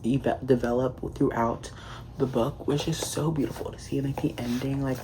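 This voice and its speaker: A man's voice: medium pitch, steady tone, normal speed, noisy background. A man giving a casual book review in a vlog, gushing and leaning on constant "like" fillers.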